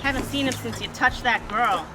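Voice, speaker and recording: A woman's voice: a little high, moderate pace, background noise, close to an everyday voice. A woman playing a sarcastic, bossy young woman who mocks her friend in a comedy sketch. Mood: mocking. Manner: sarcastic, mocking.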